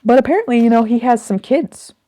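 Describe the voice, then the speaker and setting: A woman's voice: a little high, fairly quick, warm tone, dry recording, studio quality. A woman musing casually about a book she is reading, rambling and thinking aloud as she goes. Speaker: host reflecting on a reading. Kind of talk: casual spoken commentary.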